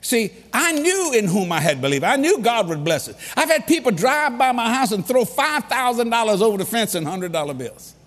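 A man preaching a sermon, telling stories with humor and bursts of shouting. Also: extremely high pitch, fairly quick, few pauses, in a large hall. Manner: animated storytelling with humor and sudden shouts.

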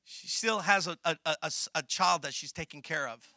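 A middle-aged pastor preaching, his voice high and very bright. He tells a story with lots of animation, acts out the conversations and swings from quiet to loud. The sound is dry and close. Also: fairly quick, no echo. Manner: animated storytelling, acts out dialogue, laughs, gets loud and emotional. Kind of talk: sermon.

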